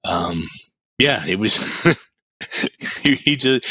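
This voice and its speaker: A man's voice: mid-range voice, slow, breathy edge, dry recording. A middle-aged man chatting on a podcast, telling blunt, profane stories with lots of energy. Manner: animated storyteller, blunt and profane. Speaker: podcast co-host. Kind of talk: casual podcast chat.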